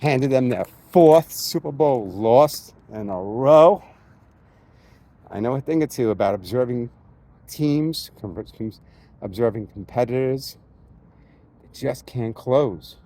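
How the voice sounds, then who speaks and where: A man's voice: medium pitch, lively intonation, takes it slowly, pauses often, warm tone. Male vlogger, strong Long Island accent, loose talky storyteller, recorded outdoors while hiking. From New York. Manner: chatty, rambling, self-correcting storyteller. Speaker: poker vlogger. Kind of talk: casual vlog monologue while hiking. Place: outdoors on a mountain trail.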